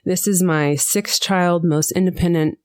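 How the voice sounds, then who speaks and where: A woman being interviewed on a podcast, telling a personal story with lively energy and acting out the voices of people she quotes. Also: fairly low pitch, measured pace. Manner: animated storyteller who acts out quoted voices. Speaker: guest, school board member.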